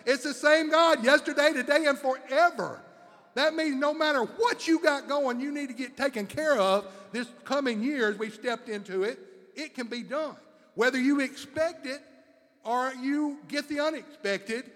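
High-voiced fervent preacher, echoing. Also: male voice, normal speed, a bit bright. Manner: fervent, repetitive, rising emphasis. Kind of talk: sermon.

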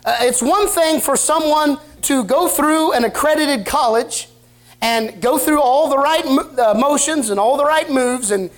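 A man's voice: very high voice, unhurried. Man pastor, church sermon, homespun storyteller who talks plain to his flock. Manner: folksy storytelling preacher, plain colloquial speech. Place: church service with congregation answering.

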